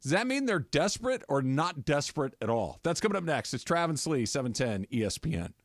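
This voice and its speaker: A man's voice: a little high, brisk, no echo, studio quality. A man hosting a sports radio show, telling casual stories with lots of laughter. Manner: animated, laughs often, tells stories.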